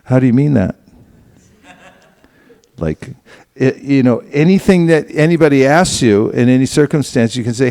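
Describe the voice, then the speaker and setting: A man's voice: mid-range voice, lively intonation, normal speed, dark tone. A man teaching a seminar group, acting out little dialogues with casual asides. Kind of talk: instructional talk to a group. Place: temple hall.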